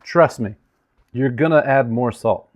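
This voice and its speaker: A chatty, joking man walks through a recipe in his home kitchen. His voice sits in an ordinary middle range and swings between bright, louder bursts and low asides. Now and then he drifts away from the microphone. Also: measured pace. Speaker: home cook host. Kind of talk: casual cooking demonstration.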